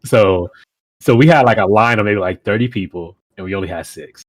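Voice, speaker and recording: A man's voice: lowish voice, a little fast, no echo. A young man on a podcast, casually telling a rambling anecdote with lots of fillers and restarts. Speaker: podcast co-host. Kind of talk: casual chat.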